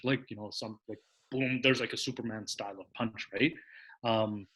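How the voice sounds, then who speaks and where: Husky bright-toned man chatting casually. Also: medium pitch, moderate pace. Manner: rambling, many fillers and restarts. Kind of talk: casual chat.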